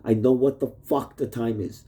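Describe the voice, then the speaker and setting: A man's voice: medium pitch, fairly even intonation, normal speed, dark tone. A man recording a rambling video message to his wife at home on a phone, swearing constantly and jumping from topic to topic. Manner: heavy swearing, jumps between topics. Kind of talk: rambling casual monologue. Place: at home in a messy rented room. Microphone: phone plugged in nearby.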